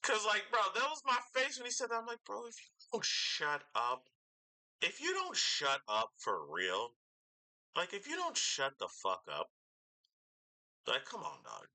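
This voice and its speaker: Animated ranting young man, bright voice. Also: high voice, a little slow, pauses often. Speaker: commentary YouTuber. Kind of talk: reaction commentary.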